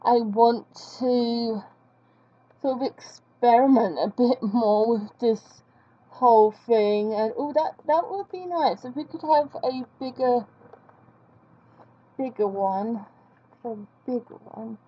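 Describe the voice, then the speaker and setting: Higher-voiced woman rambling while she draws, hums a bit, dull muffled recording. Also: slow pace, husky. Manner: chatty and self-deprecating, hums while working. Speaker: vlogger drawing on screen. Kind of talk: casual commentary while drawing.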